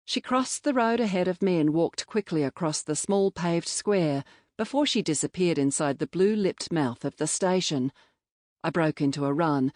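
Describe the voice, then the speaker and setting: A woman narrating a novel in the first person, in a measured, reflective storytelling manner. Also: deep voice, darkish tone, no echo, studio quality. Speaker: audiobook narrator. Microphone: close studio mic.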